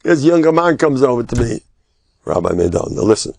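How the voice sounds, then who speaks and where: An older man, a rabbi giving a humorous Torah lecture, joking and self-deprecating, now and then bursting into loud, emphatic cries. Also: medium pitch, very animated, brisk, creaky, no room sound.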